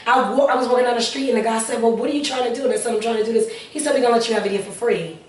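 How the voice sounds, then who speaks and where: A woman's voice: on the high side, very fast, distant mic. Earnest woman telling her story, echoey room. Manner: earnest, repeats phrases, prayerful asides. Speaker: interview guest. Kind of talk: emotional personal testimony. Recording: echoey room, voice a little off-mic, faint background noise.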